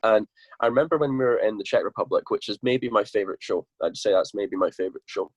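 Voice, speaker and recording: A Scottish man with a husky, somewhat low voice tells a tour story as a podcast guest. He rambles, restarts and swears casually. The sound is dry and close. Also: fast, dry recording. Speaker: guest musician.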